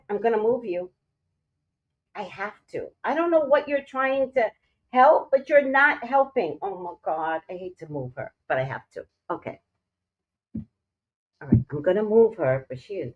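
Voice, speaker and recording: A woman vlogger chatting to her viewers while scolding her cat, jumping between loud exclamations and low muttered swearing. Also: big pitch swings, moderate pace, highs cut off. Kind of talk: casual livestream chat.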